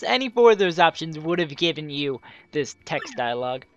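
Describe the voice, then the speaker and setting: A woman's voice: low voice, big pitch swings, normal speed. A woman hosting a let's play, chatting casually and joking about her own reading and voices. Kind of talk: casual game commentary.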